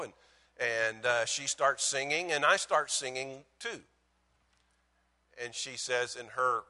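A middle-aged man preaching a guest sermon with humorous personal stories, animated and self-deprecating, swinging from loud exclaiming to quiet asides. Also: mid-range voice, long reverb tail.

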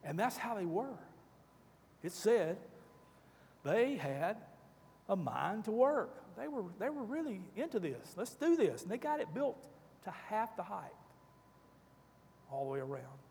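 A man's voice: sits high, very animated, measured pace, vocal fry, pauses often, a little mellow, in a large hall. A man leading a Bible study class, asking the group questions and reading scripture aloud.

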